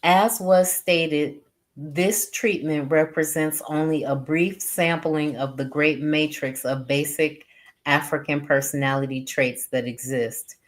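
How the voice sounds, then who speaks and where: Reading a text aloud at a slow pace, a low-voiced woman pauses between phrases and slips in her own remarks. She sounds unhurried, deliberate and steady, like a reader who also teaches.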